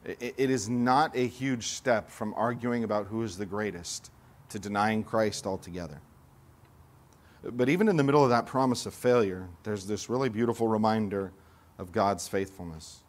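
A man's voice: mid-range voice, normal speed. Earnest male pastor preaching. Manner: earnest expository preaching, rising emphasis on scripture quotes. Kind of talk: sermon.

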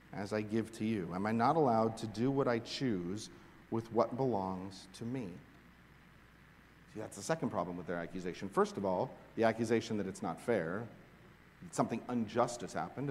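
Male pastor, mid-pitched, animated delivery from quiet to forceful, big reverberant hall. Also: slight background noise. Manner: animated preaching, swinging from hushed to emphatic. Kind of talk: sermon. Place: large hall with long reverb. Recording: echoey hall recording.

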